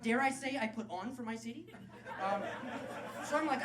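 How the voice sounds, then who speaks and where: A man's voice: high-pitched, fast talker. Brash, sarcastic stand-up man. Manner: brash, crude, sarcastic crowd work. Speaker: stand-up comedian. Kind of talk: live stand-up set. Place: comedy club stage. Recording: loud live club crowd and noise.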